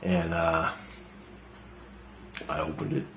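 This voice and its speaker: A man's voice: deep voice, steady tone, slow pace, vocal fry, a bit bright, roomy sound, a little hiss or hum. A man telling a personal story in a casual spoken monologue, intense, profane and repeating himself. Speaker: storyteller recounting an experience.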